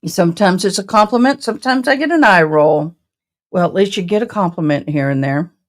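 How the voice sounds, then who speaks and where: An animated, fairly quick woman with a fairly low voice runs a casual livestream, chatting with viewers by name in folksy fashion. In her forties, she was born in Tennessee and raised in Texas, and her Southern accent blends the two.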